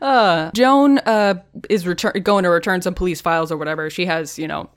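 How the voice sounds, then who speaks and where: A woman's voice: fairly low pitch, brisk, dry recording, clean studio sound. A woman co-hosting a podcast, chatting casually and sarcastically while recapping a TV episode. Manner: jokey and sarcastic, laughs often. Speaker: podcast co-host.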